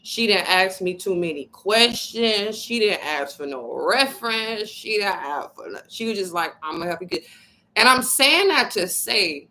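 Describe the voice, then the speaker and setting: Blunt, profane woman with gravelly edge. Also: medium pitch, a little slow, rough recording. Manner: blunt and profane, storytelling with lively quoted voices. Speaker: spiritual vlogger. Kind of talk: casual motivational talk to viewers.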